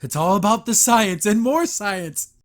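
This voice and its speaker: A male podcast host giving a casual, chatty cartoon review with a high-pitched voice. He laughs often and slips into the characters' lines as he retells the scenes. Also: animated, unhurried, soft background music.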